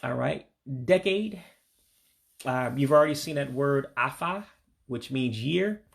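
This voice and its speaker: Gravelly man teaching vocabulary slowly. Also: mid-range voice, lively intonation. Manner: patient, repeats words slowly and drops his voice on the English meaning. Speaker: language learner teaching vocabulary. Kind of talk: casual spoken language lesson.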